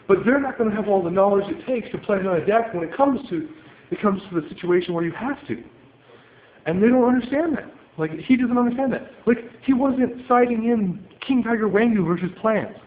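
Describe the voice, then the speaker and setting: Pacing through his home, a card game player records a heated, curse-filled rant on video. His voice sits high, expressive and brisk, and the sound is tinny like a phone, with room echo and a faint hiss.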